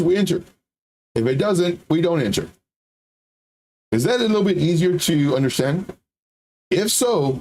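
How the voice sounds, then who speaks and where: A man leads a livestreamed trading lesson and talks viewers through charts. He is animated, often slips into the voices of confused viewers and rival teachers, and then comes back to his own explaining. His voice sits a little on the high side. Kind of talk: livestreamed market commentary.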